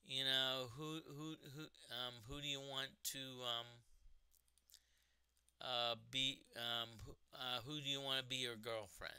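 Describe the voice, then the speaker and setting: A man streamer chatting casually while gaming, rambling and halting, often repeating his words. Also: mid-range voice, fairly even intonation, bright, forceful tone, smooth, dry recording.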